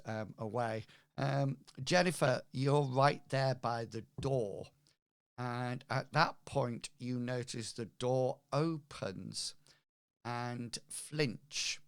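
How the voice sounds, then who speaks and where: A man narrating a tabletop game as game master, slow and halting with fillers. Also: medium pitch, clear, resonant tone, no echo, clean studio sound.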